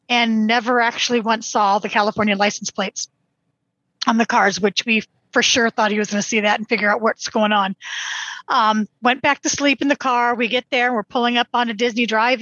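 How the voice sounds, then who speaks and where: A woman's voice: a little high, a bit bright, no room sound, muffled recording. A woman in her sixties, a podcast guest, telling family stories in a chatty way, laughing often. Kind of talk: casual podcast chat.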